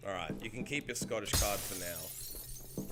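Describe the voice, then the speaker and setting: An Australian man streaming a game, chatting casually with viewers in an excitable, rambling way and swearing freely. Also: fairly low pitch, a little slow, over music. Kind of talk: casual chat while gaming.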